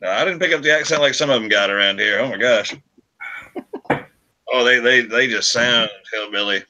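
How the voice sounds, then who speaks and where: Man from Michigan, very bright tense voice, chuckling, hesitant, casual livestream chat. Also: mid-range voice, normal speed, dull audio. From Michigan, US, living in Texas. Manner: chuckling, easygoing, hesitant with fillers.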